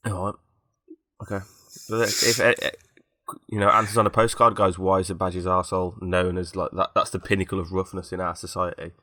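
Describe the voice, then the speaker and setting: A man with a cold co-hosts a podcast, rambling in a joking, self-mocking way. His voice sits a bit low but sounds bright and forward. The sound is dry and close to the mic. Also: level tone, fairly quick, no echo. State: has a cold. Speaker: podcast co-host. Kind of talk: casual banter.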